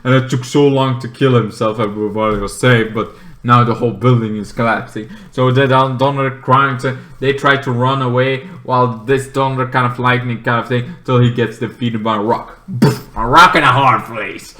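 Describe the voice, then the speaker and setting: Man, casual movie review, rambling, excitable, bright forceful voice, echoey room. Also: medium pitch, moderate pace. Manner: rambling, excitable, with many fillers.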